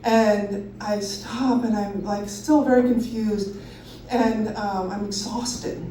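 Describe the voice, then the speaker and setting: A woman in her thirties telling a personal story live on stage, animated and self-mocking, laughing often. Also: mid-range voice, slow, a little hiss or hum. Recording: roomy hall from a distance.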